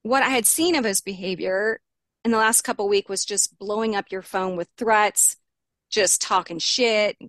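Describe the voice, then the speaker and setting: A young adult woman, an interview guest, candidly recounting a personal ordeal, her pitch rising when she quotes heated arguments. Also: moderate pace, fairly bright tone, no room sound, clean studio sound.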